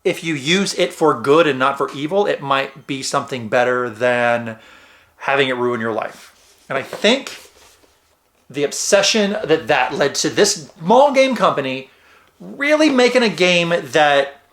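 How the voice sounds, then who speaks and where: Bright-voiced man rambling through a review. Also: on the high side, animated, measured pace. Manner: rambling, jokey, talks to viewers. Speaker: board game reviewer. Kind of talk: casual review vlog.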